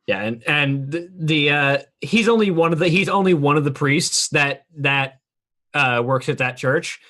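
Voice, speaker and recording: A man narrating as game master, pausing often with ums and restarts. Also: on the high side, animated, sharp tone. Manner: halting, filled with ums and restarts.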